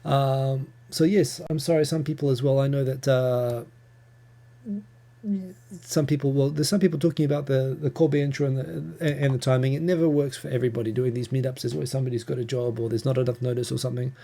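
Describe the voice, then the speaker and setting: A New Zealand man hosts a casual live Q&A from home. His voice is dark and gravelly, and his mid-range pitch stays even. He rambles happily, filling gaps with ums and correcting himself in mid-sentence. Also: quick pace. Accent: New Zealand English. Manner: chatty, rambling, with frequent ums and self-corrections. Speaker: livestream host answering viewer questions.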